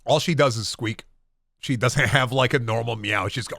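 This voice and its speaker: A man's voice: mid-range voice, moderate pace, vocal fry, bright, forceful tone, no echo, studio quality. A man in his thirties chatting on a live stream, rambling and swearing with bursts of playful baby talk at home. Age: 30s. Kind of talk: casual live-stream chat.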